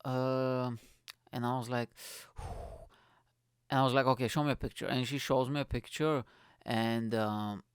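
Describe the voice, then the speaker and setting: A young man, a comedian hosting his own podcast, telling a story in a rambling, swearing way and acting out his friends' lines in higher voices. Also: steady tone, unhurried, pauses often, clear, resonant tone, no echo, clean studio sound. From not from the UK, moved there at 21. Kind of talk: casual storytelling monologue.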